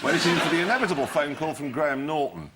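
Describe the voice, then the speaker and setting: A man's voice: a little high, expressive, fast talker, heavy background noise. A man hosting a comedy quiz show, reading jokes in a wry way to a studio audience. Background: studio audience laughter.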